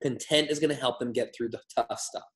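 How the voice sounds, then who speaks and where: A man leads a motivational training session, keeping it energetic, emphatic and laced with humor. His voice sits mid-range and carries a noticeable echo from a roomy space. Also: mid-range voice, brisk. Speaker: wellness product trainer.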